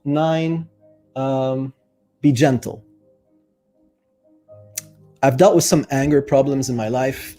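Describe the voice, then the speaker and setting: A man's voice: mid-range voice, mellow. A man coaching viewers in a casual, earnest monologue, thinking aloud with fillers and speaking openly about his feelings. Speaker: life coach. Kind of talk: casual reflective monologue to camera.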